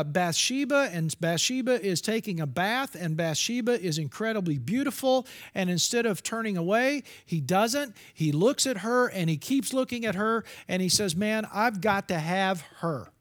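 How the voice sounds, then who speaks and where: A man's voice: high-pitched, expressive, moderate pace, few pauses, a bit bright. A middle-aged man giving a candid, confessional sermon as a preacher, with restarts and asides.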